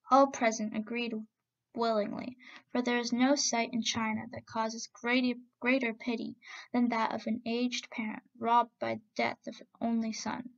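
Gravelly woman reading a story aloud. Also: a little high, normal speed, lo-fi sound. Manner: steady expressive reading with voiced quotes. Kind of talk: storybook narration.

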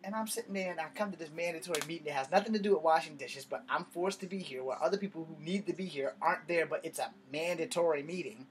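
A young man doing stand-up storytelling in an animated, profane, conversational way. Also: fairly high pitch, fast, hardly any pauses. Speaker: comedian.

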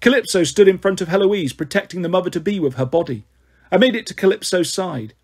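A man's voice: high voice, brisk, darkish tone, slightly rough. A man reading a story aloud in the first person, in a wry, dramatic storytelling manner. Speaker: audiobook narrator.

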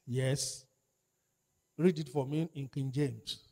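A man's voice: mid-range voice, steady tone, takes it slowly, mellow. A man preaching a sermon, repeating key phrases and calling out to his congregation for responses. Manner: emphatic, repeats phrases and calls for audience response. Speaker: pastor.

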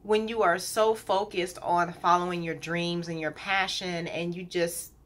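A woman in her thirties talking to her viewers in a candid, chatty vlog, pausing often with fillers. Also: on the low side, fairly even intonation, fairly bright tone. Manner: chatty, candid, gets emotional, many fillers. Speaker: colon hydrotherapist and business owner.

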